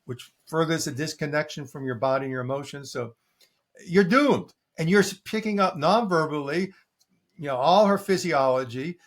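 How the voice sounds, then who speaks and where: An older man, a coach being interviewed, telling stories in a lively way and acting out what his clients say. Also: a little high. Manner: animated storytelling, acting out quoted clients. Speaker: coach and guest. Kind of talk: conversational interview answer.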